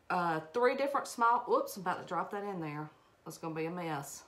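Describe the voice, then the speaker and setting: A woman's voice: mid-range voice, fairly bright tone. A middle-aged woman with an Alabama Southern accent, chatting and rambling casually while she demonstrates a craft project live for viewers. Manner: chatty and rambling, greets viewers, laughs at herself. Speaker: craft live-stream host.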